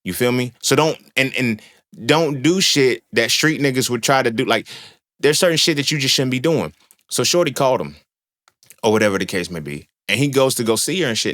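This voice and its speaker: A man's voice: medium pitch, lively intonation, a little fast, fairly bright tone. A young man hosting a podcast, talking in a casual monologue, slangy, profane and emphatic as he tells stories. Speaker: podcast host.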